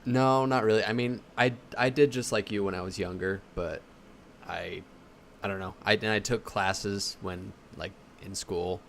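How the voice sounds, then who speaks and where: A man's voice: lowish voice, fairly even intonation, a little slow, vocal fry, a bit bright, slight background noise. A man co-hosting a podcast in easygoing casual chat, often restarting his sentences and laughing along. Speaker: podcast co-host.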